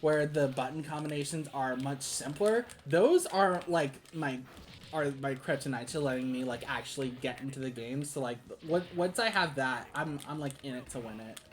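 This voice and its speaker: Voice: mid-range voice, moderate pace, slight background noise. A game streamer giving casual play-by-play commentary, rambling with lots of restarts and laughs.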